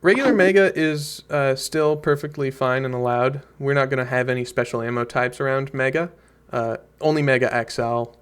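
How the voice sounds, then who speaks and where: Casting: relaxed male meeting host, mid-range voice, encouraging and informal. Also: medium pitch, moderate pace, smooth. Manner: friendly, easygoing, encouraging. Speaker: game organizer hosting an online meeting. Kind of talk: casual meeting talk.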